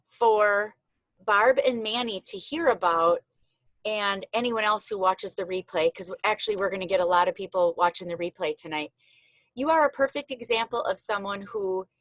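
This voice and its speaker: A woman's voice: a little high, a bit bright, dry recording, low-quality recording. A woman hosting a casual video call, chatty and openly emotional with her guests. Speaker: host.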